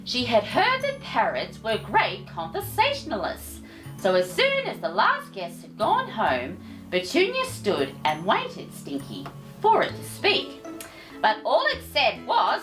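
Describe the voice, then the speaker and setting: A woman's voice: on the high side, huge pitch swings, a little slow, over music. A woman reading a children's picture book aloud as host, theatrical, with affectionate asides to her listeners.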